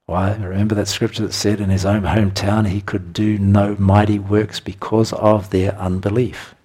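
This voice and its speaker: A man's voice: lowish voice, little pitch movement, moderate pace, dark tone, husky. A man preaching a sermon in a conversational way, reading scripture and chuckling between his points.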